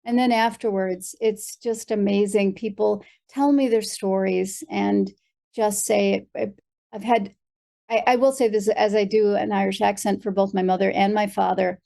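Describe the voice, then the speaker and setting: An American woman speaks as a podcast guest with an animated storytelling manner, leaning on fillers as she goes. Her voice has a gravelly, creaky texture. Her pitch sits in a middle range for a woman. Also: moderate pace. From United States. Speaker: guest, performer. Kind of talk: conversational interview.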